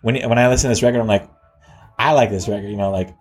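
A man with a somewhat low voice chats loosely about music, drifting between thoughts. He stalls, restarts, and leans on fillers as he tells his story. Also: fairly even intonation, breathy edge. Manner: rambling, halting, lots of "like" and restarts. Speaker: musician guest. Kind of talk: casual chat.

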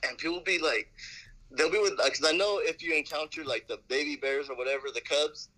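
A man with a bright, slightly high voice hosts a podcast in a laid-back, easygoing way. He drops slang and curses casually as he chimes in with his own stories. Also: brisk, low-quality recording.

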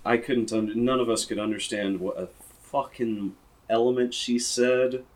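A man's voice: medium pitch, steady tone, moderate pace. A young man in a casual podcast chat, rambling with strong opinions and plenty of swearing.

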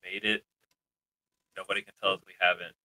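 A man co-hosting a podcast, chatting casually with playful, deadpan jokes. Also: sits low, a little fast, poor audio. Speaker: podcast co-host. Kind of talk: casual chat.

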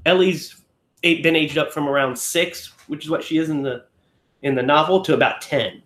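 Man, fairly high voice, casual film-talk co-host, loose and rambling, in a roomy echoey space. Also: fairly even intonation, moderate pace, fairly bright tone. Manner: rambling, self-correcting, often acts out lines. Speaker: podcast co-host.

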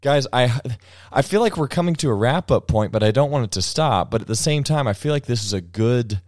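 A man's voice: medium pitch, lively intonation, brisk, a little mellow, no room sound, studio quality. A man hosting a casual podcast chat, rambling with many restarts and frequent laughter. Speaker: podcast host.

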